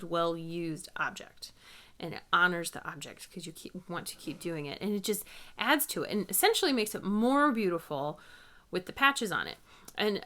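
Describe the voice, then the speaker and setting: A woman's voice: mid-range voice, bright, forceful tone. Chatty woman host telling family stories. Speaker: podcast host. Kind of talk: casual chat.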